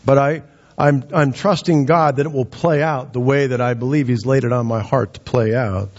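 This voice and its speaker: A male pastor preaching with a husky edge to his voice, climbing higher when he acts out quoted lines. The sound is dull and muffled, like a lo-fi church recording. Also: steady tone, normal speed. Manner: dramatic, rises in pitch for quoted lines. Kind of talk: sermon.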